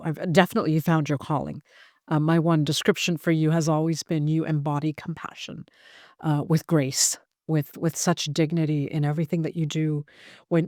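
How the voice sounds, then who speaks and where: Female interview host; lowish pitch, dry recording, emotional and halting delivery. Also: mellow, no room sound. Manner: emotional, halting, many restarts. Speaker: podcast host and family caregiver. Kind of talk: heartfelt conversational interview.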